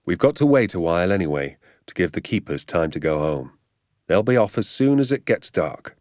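An audiobook reader voicing an easygoing, playful father who poaches, with a calm, knowing manner. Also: low voice, fairly quick, no echo, clean studio sound. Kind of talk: audiobook character voice.

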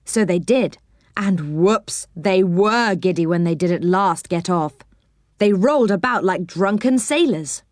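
A woman reading a children's story aloud, expressive and warm in storybook style, in a dry close recording. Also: on the low side, a little slow, no echo.

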